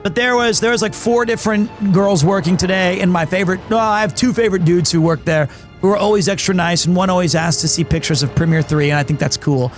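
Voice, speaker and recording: A man streaming live tells a rambling story in casual chat and acts out each quote. His voice sits fairly high. Soft music plays faintly in the background. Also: quick pace.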